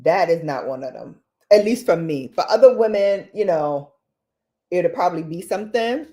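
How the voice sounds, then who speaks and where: A woman's voice: fairly low pitch, animated, moderate pace, dark tone. A woman hosting a casual livestream, chatting with viewers in a playful, laughing way and repeating phrases for emphasis. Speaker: beauty livestream host.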